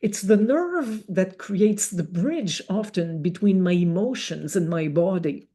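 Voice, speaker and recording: A woman giving an educational webinar talk, explaining step by step in a measured way. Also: on the low side, lively intonation, mellow, husky. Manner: slow, measured explaining with rhetorical examples. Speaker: webinar speaker.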